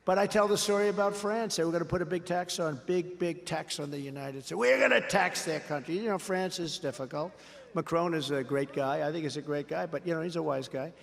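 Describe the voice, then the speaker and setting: A man's voice: a little high, fairly even intonation, fairly quick, gravelly. An older man giving a rally speech, repetitive and boastful, acting out conversations with others. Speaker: politician at a rally. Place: large rally venue. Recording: long hall reverb.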